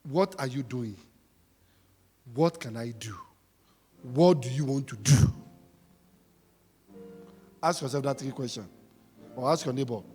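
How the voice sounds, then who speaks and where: A man preaching a sermon, emphatic and repetitive, swinging between shouting and quiet talk. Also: mid-range voice, unhurried, long pauses, breathy edge, long reverb tail, soft background music.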